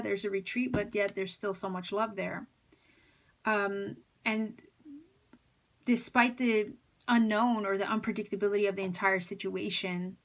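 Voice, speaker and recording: A woman with a slight lisp giving a pick-a-card tarot reading, musing and hesitant, with many fillers and restarts. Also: mid-range voice. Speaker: tarot reader.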